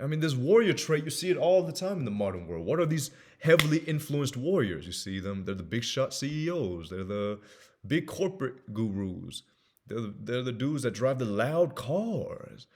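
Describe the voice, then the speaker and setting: A man with a husky, slightly breathy voice talks through an idea in a casual monologue. He is earnest, rising into emphatic bursts and dropping into hushed asides. His pitch sits in an ordinary middle range for a man. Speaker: self-help speaker.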